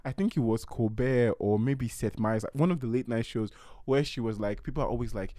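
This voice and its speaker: Brief: male solo podcast host, mid-pitched, lively delivery, dry close-mic sound. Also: fairly quick, no room sound. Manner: animated, acts out quotes with playful voices.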